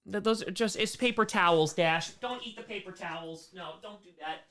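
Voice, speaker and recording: A man's voice: sits high, moderate pace, bright, forceful tone. A man hosting a casual live-stream Q&A, reading chat messages aloud and answering with playful jokes and frequent laughs.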